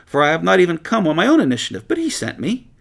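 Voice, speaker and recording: A man leading an informal Bible study, reading scripture aloud and explaining it in a lively, conversational way with frequent laughs. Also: a little high, fast, creaky, husky. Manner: animated, laughs often, paraphrases scripture conversationally. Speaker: Bible teacher.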